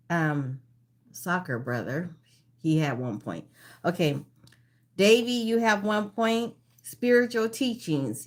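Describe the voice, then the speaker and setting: A woman hosting a casual live-stream trivia game. She reads each question slowly, repeats it, and greets viewers by name. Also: fairly low pitch. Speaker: livestream trivia host.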